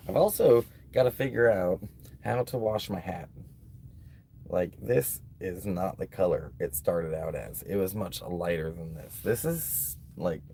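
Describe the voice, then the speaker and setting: Low gravelly laid-back man. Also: dark tone, slight background noise. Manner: rambling, laid-back, full of "like" and "um". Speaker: livestreaming vlogger. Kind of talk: casual live-stream chat reading donations. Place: at a beach, outdoors.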